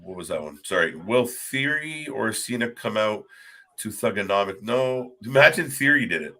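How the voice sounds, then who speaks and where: A man co-hosting a wrestling live stream in casual chat, rambling and excitable. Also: fairly low pitch, moderate pace.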